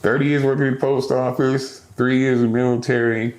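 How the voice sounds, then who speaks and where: An older man telling stories as a podcast guest, animated and profane, acting out other people's lines. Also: medium pitch, fairly quick, echoey room. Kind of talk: storytelling interview.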